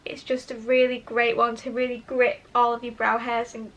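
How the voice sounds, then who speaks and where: A woman's voice: a little high, completely flat delivery, normal speed, a bit bright, dull audio. A young woman chatting to camera while testing make-up, enthusiastic and self-deprecating. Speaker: beauty vlogger. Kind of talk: casual make-up tutorial chat. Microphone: camera mic, talking to camera.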